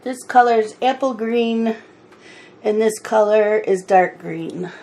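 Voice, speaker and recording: A middle-aged woman talks in a slow, unhurried way while she colors. Her chat is easygoing with mildly exasperated asides, and hiccups break in now and then. Her voice sits at an ordinary pitch. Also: dark tone. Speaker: coloring channel host.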